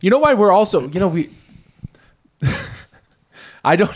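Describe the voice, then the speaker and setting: A man co-hosting a podcast in casual chat, excitable and profane, laughing often and jumping up in pitch when worked up. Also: measured pace. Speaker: podcast co-host.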